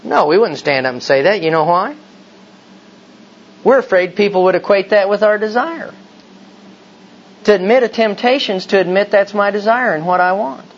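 Preacher man. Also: high-pitched. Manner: emphatic preaching full of rhetorical questions. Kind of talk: sermon. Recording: slightly dull recording with faint hiss.

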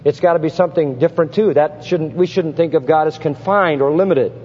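Emphatic preacher in a reverberant hall. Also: male voice, fairly high pitch, fairly quick, breathy edge. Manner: emphatic, rising to forceful peaks, rhetorical questions. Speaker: pastor. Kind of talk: expository sermon. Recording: dull lo-fi sound with long hall reverb.

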